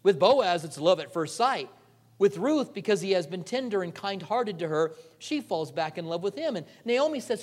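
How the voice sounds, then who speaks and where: High-voiced man preaching in a casual storytelling way. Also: moderate pace. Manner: animated, jokey, acts out the characters' lines; frequent repeated "and, and" restarts. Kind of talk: conversational sermon storytelling.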